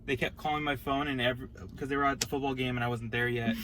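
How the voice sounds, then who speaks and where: A young man telling a small story in a mild, low-key way during casual chat. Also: steady tone, fast talker, distant mic. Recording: loud hiss behind the voice.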